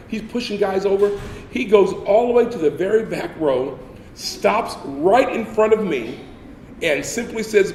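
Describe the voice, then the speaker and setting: A man's voice: sits high, animated, moderate pace, a little mellow, distant mic, a little hiss or hum. A man giving a humorous storytelling sermon as a guest speaker. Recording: echoey hall with faint ambience.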